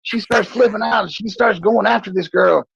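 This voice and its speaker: A man in his forties, co-hosting a talk show, telling a profane, animated story in a casual way. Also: normal speed, creaky, dull audio. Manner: profane, animated storyteller, puts on high voices for quoted people. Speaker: podcast co-host.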